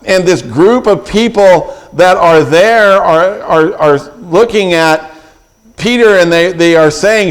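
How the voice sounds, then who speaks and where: A man's voice: sits high, measured pace. A middle-aged man preaching a sermon as pastor, retelling scripture with vivid, acted-out quotes and frequent restarts.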